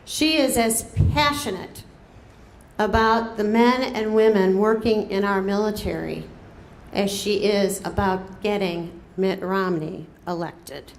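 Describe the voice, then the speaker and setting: A campaign co-chair gives a rousing rally speech with drawn-out words and rising calls to a crowd in a cafe's event room. Her mid-range voice is steady and gravelly, and the echoey room carries crowd murmur plus slight background noise.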